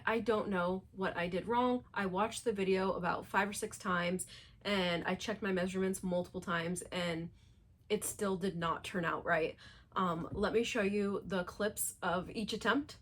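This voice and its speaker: A woman talks through her sewing project in a relaxed, chatty way, sounding exasperated and laughing at her own slip-ups. Her voice sits at a middle pitch. A faint hiss of background noise runs under the recording. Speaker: sewing vlogger. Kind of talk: casual chat.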